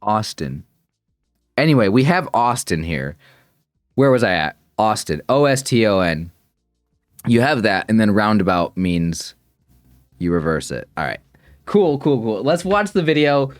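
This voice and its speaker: A man's voice: on the low side, very animated, a little slow, dry recording, studio quality, soft background music. A man thinking aloud as he reacts to a puzzle video, rambling and correcting himself as he goes. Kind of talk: casual thinking-aloud commentary.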